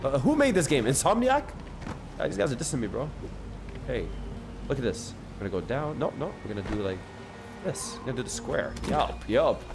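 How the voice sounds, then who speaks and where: A man streaming a video game, chatting excitedly and joking with his viewers. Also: medium pitch, brisk, creaky, background noise. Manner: excitable, jokey, talks to chat. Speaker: gaming streamer. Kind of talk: live gameplay commentary. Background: game music.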